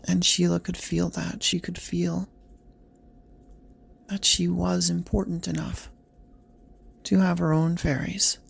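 Male bedtime-story narrator: gentle, slow, husky, flat. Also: sits high.

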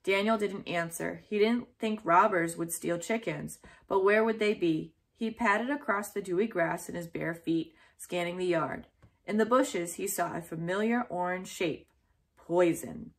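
A woman reading a children's chapter book aloud in a gentle, steady storytelling manner. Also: fairly low pitch, measured pace.

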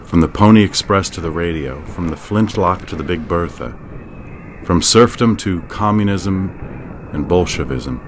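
Deep-voiced male audiobook narrator. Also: lively intonation, normal speed, a little hiss or hum. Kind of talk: scripted narration.

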